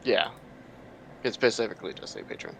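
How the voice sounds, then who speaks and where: A man's voice: on the low side, wildly swooping pitch, brisk, gravelly, fairly bright tone, slight background noise, rough recording. A man at a tabletop game, explaining things eagerly in a rambling, casual way. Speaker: player.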